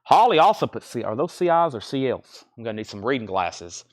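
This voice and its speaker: Man, live auction host, rattles off items and prices, casual asides, mid-pitched voice. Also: very animated. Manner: rapid-fire listing of items and prices, chatty asides. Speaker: live record sale host. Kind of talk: live-stream auction calling.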